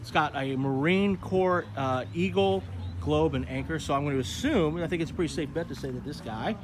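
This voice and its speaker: A man's voice: on the high side, a little fast, background noise. A man hosting a casual walkaround of an outdoor car show, chatty and enthusiastic, talking straight to his viewers. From Texas. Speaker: host.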